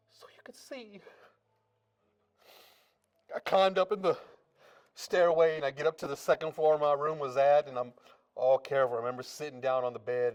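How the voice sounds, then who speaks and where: During a church service, a man with a mid-range voice gives his testimony in a casual, folksy style. He acts out each scene, swinging between loud and hushed.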